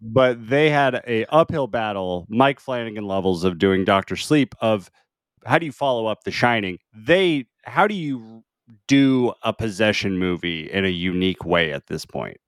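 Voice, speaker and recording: A man's voice: on the low side, normal speed, clean tone, no echo, clean studio sound. A young man co-hosting a podcast, chatting casually and laughing along. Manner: relaxed, laughs along, some fillers. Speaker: podcast co-host. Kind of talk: casual chat.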